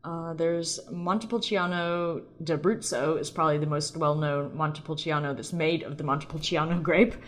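A woman's voice: low voice, steady tone, normal speed, few pauses. A woman hosting her own podcast in a rambling, playful, self-deprecating chat. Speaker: podcast host. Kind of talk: casual solo podcast chat.

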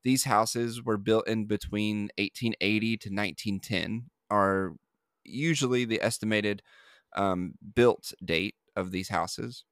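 Male podcast host, low voice, dry close sound, loose rambling delivery with fillers. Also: slow pace, a bit bright, no room sound. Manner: rambling, with many fillers and restarts. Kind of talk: casual podcast chat.

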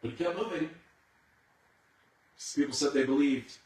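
A man's voice: on the high side, normal speed, darkish tone. A man preaching a sermon as a dramatic storyteller who builds suspense. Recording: echoey hall, far from the mic.

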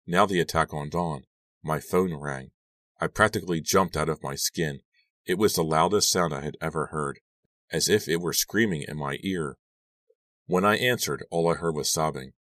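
A man reading a horror audiobook with steady, suspenseful narration. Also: very deep voice, dry recording.

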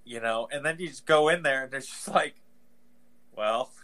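A man's voice: on the high side, a little fast, pushed and bright. Rambling man on a podcast. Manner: rambling, heavy use of "like", exaggerated mock quotes. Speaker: podcast co-host. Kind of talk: casual chat.

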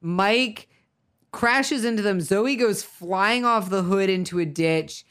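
A woman's voice: medium pitch, slow pace, fairly bright tone, clean tone. A woman chatting casually about a film, sarcastic and full of restarts.

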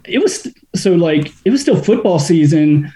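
A man's voice: on the high side, animated, normal speed, mellow. Easygoing Southern-accented man. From Cincinnati, US. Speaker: race director, guest. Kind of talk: casual interview chat.

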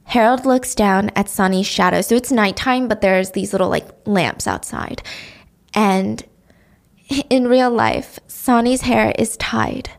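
A woman's voice: mid-range voice, animated, a little slow, vocal fry. A woman recapping a drama in a casual, chatty way, with offhand swearing.

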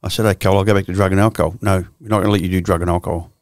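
A man's voice: low-pitched, fairly even intonation, very fast, darkish tone, no echo, clean studio sound. A man in his sixties with an Australian accent, a guest telling his life story bluntly and profanely, full of restarts. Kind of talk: candid storytelling interview.

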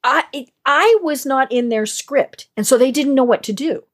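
A woman from the mountains of Colorado hosting a casual conversation, chatty and quick to murmur agreement. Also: high-pitched. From Colorado mountains, USA. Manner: animated, frequent affirming murmurs.

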